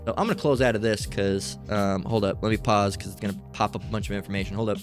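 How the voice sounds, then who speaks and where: A man's voice: lowish voice, fast talker, soft background music. A man preaching in a loose, informal sermon, blunt and profane, often repeating "all right" as he talks.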